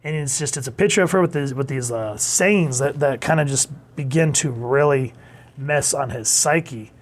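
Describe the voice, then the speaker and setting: A man's voice: mid-range voice, moderate pace. A man in his thirties casually reviewing an old comic book, enthusiastic and playful, reading bits aloud with funny voices.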